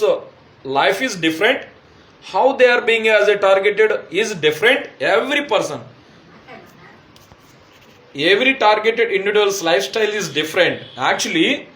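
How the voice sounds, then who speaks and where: Urgent high-voiced Indian man. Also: a bit bright, reverberant. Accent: Indian English. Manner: urgent, pleading, repetitive. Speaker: testimonial speaker. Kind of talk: personal video testimonial.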